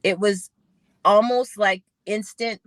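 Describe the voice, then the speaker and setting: A woman's voice: medium pitch, slow pace, no room sound. A woman in her forties from Arizona, a former sprinter, telling stories in a casual podcast interview, acting out quotes. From Phoenix, Arizona, USA. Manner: animated storyteller, acts out quotes. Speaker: guest, former Olympic sprinter.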